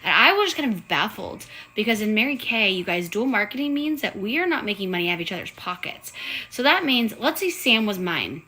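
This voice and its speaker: Bright-voiced woman, chatty livestream. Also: medium pitch, sing-song, brisk, poor audio. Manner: chatty, earnest, says y'all. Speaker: sales director. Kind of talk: casual live-stream pitch.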